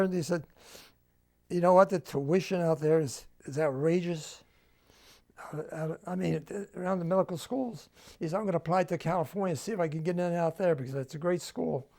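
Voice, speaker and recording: A man's voice: high voice, normal speed, vocal fry, a little mellow. An older man with a New Jersey accent, telling family stories in an oral history interview at home and acting out the dialogue. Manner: storytelling, acts out quoted dialogue.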